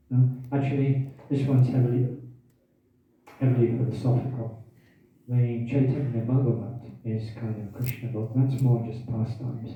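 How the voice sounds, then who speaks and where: A man's voice: medium pitch, fairly even intonation, normal speed, slight background noise. Brief: male lecturer, scripture class, asks the room questions, hiccups, distant tinny mic, big echo. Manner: questions the audience, repeats key phrases. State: has hiccups. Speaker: teacher giving a scripture class.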